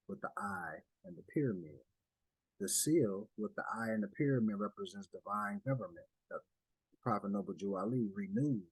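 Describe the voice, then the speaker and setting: A man's voice: lowish voice, husky, dry recording, low-quality recording. A man presenting a document to a study group in a casual, conversational way, with asides, restarts and direct address. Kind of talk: casual explanatory talk over slides.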